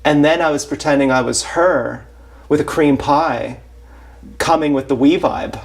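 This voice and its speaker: Higher-voiced man rambling into a camera. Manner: repetitive, blunt, self-questioning. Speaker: livestreamer. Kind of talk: rambling confessional monologue. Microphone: action camera mic.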